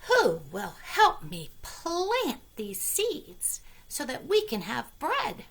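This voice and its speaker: A woman's voice: sits high, huge pitch swings, takes it slowly, voice pushed up, exaggerated voice. A woman doing an eager little red hen.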